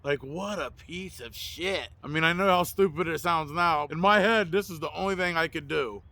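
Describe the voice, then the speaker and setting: A man's voice: on the high side, normal speed, sharp tone, dry recording. A man who works as a mobile mechanic, telling a confessional story in a blunt, profane, self-mocking way. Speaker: mobile mechanic and video host.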